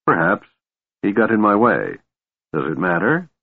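Verbitterter, drohender Kriegsherr, von einem Mann gelesen, lebhafte Betonung, enger telefonartiger Klang. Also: male voice, on the low side, wildly swooping pitch, unhurried, creaky, no echo, heavily acted. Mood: bitter. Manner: scowling, bitter, snorting. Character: bitter, menacing male warlord, quick to anger. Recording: narrow phone-like sound, dry.

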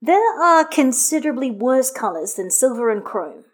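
A bookish wizard man, dry and gently wry, as a woman reads him aloud. He speaks in careful, measured phrasing. The reading sounds like a home audiobook of fan fiction. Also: high voice, big pitch swings, voice pushed up.

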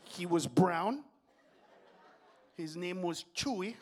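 Performing stand-up into a handheld mic, this man is profane, lurching from shouted bursts to low, confiding passages. He speaks at normal speed, and there's a little hiss or hum in the recording.

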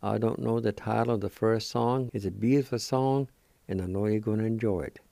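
An older man with a Cherokee accent teaching words slowly and deliberately as a radio language teacher, repeating each one. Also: lowish voice, steady tone, creaky, dark tone, no echo. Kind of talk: slow spelled-out language lesson.

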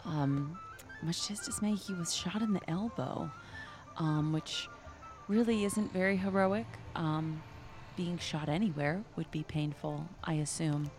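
A woman narrating and interviewing in a comedy radio-show parody, mock-serious and halting with fillers. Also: deep voice, a little mellow, faint music behind.

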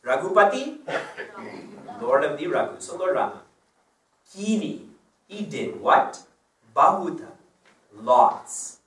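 A man's voice: a little high, slow pace, pauses often. Man giving a discourse, echoey and distant. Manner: chatty, animated, laughs at own stories. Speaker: spiritual teacher. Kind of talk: devotional discourse with personal stories. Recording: roomy sound from a distant mic.

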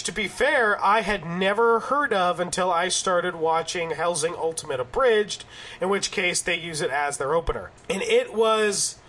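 High-voiced animated male podcast host. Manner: animated, joking, swears casually. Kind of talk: casual gaming podcast chat.

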